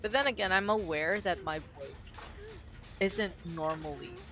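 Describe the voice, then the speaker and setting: Woman streamer, low-pitched, gruff edge, casual and candid, slightly pushed-down register. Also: unhurried. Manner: speaks in a low, somewhat forced register; candid and musing. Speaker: game streamer.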